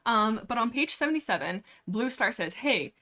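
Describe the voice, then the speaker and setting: A woman's voice: a little high, lively intonation, a little fast, sharp tone. A woman hosting a casual book discussion livestream, rambling in a playful, sarcastic way from her desk mic. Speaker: livestream host.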